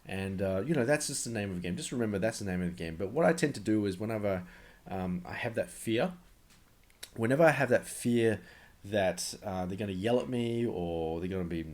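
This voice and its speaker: A man gives sales advice straight to camera in a loose, chatty way. His voice sits a little low, and he stresses key points hard, circling back and repeating phrases as he goes. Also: expressive, fairly quick, a little mellow. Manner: emphatic, conversational, often repeats himself. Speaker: sales coach. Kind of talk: casual instructional talk to camera.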